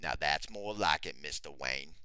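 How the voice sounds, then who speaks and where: A man putting on an impression of a famous older male narrator, slow and solemn in a much lower voice than his own. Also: lively intonation, sharp tone, clear, resonant tone, no room sound, full character voice.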